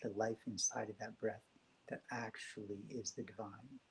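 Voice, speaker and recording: A man speaking as a guest on a spiritual talk show, telling stories in a gentle, reflective way. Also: lowish voice, steady tone, normal speed, poor audio.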